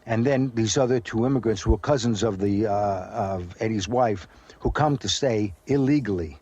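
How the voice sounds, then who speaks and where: An older American actor from the USA, his Brooklyn accent softened toward British, rambles through anecdotes with many fillers as a guest in a relaxed radio interview. His voice is husky and on the low side, at normal speed, with lo-fi sound.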